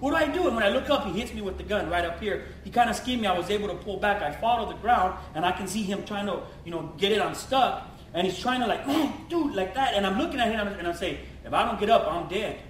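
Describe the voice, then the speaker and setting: A middle-aged man, a pastor from Los Angeles telling his testimony in an animated way, full of slang and acted-out quotes. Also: high voice, slight background noise. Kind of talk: testimony sermon. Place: church. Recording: echoey church hall from far off.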